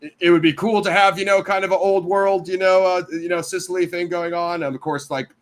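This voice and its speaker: A man's voice: sits high, steady tone, brisk. An American man, a panel guest, talking casually and rambling, with many "you know"s and "I mean"s. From United States.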